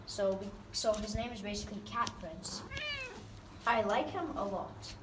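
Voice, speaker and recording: A woman's voice: mid-range voice, fairly even intonation, normal speed. A woman chatting casually while filming her cat at home, doting and rambling with fillers and restarts. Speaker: pet vlogger. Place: at home near a backyard. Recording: roomy, distant mic, noisy background.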